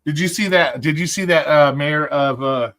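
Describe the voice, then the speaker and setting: A man's voice: fairly high pitch, normal speed, fairly bright tone. A man hosting a livestream, talking casually and ranting with lots of swearing as he checks his likes and picks videos. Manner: rambling, profane, ranting. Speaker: livestream host.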